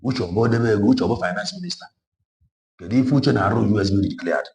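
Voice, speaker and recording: A man's voice: on the low side, fast, vocal fry, a little mellow, a little hiss or hum. A man with a Nigerian Igbo accent giving an impassioned political monologue, moving between Igbo and English with emphatic repetition. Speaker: online political commentator.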